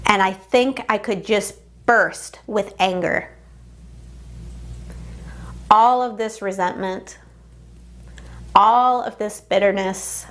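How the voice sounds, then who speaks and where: A woman guides listeners through a tapping session at a mid pitch. She speaks at an extremely slow pace. Each phrase is deliberate, and she repeats the affirmations one by one. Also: fairly bright tone. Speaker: tapping coach.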